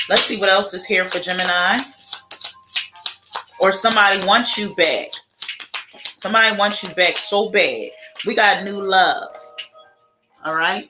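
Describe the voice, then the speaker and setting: A woman's voice: fairly low pitch, bright, forceful tone, rough recording. A woman giving a casual live tarot reading, chatty and repetitive, thinking aloud as she draws each card. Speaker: tarot reader.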